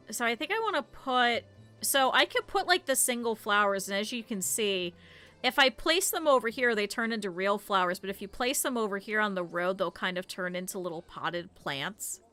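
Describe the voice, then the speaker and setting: Bright-voiced chatty woman streamer. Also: medium pitch, expressive, normal speed, clear, resonant tone, soft background music. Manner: chatty rambling storyteller, talks to chat. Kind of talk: casual game stream chat.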